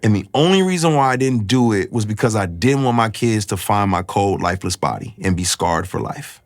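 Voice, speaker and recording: A man telling his personal faith testimony in a reflective, halting, emotional way. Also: on the low side, animated, no room sound, studio quality. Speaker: guest sharing his testimony.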